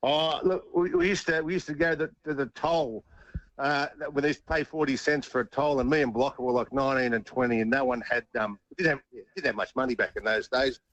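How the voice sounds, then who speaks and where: A man's voice: medium pitch, fairly even intonation, fairly quick, fairly bright tone, dry recording, muffled recording. An Australian man, a former rugby league player, telling stories in a chatty interview and often restarting his sentences. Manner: chatty, restarts and repeats words. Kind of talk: casual interview anecdote.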